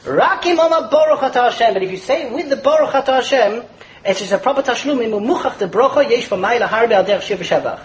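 Fast-talking, high-voiced male Torah teacher. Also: dull audio, a little hiss or hum. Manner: lively, quick, chuckles while explaining; mixes Hebrew and Yiddish terms into English. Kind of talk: animated religious lecture.

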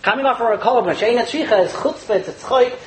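A man teaching a Torah class in a lively lecture, chuckling as he explains and mixing Hebrew and Yiddish terms into his English. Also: very high voice, fast, a little hiss or hum, low-quality recording. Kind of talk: animated religious lecture.

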